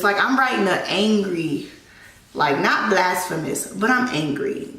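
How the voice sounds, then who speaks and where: A woman's voice: mid-range voice, lively intonation, fairly bright tone. Woman telling her story in an echoey room. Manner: raw, halting, repeats herself. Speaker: vlogger. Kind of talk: get-ready-with-me storytelling. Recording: echoey room, mic at a distance.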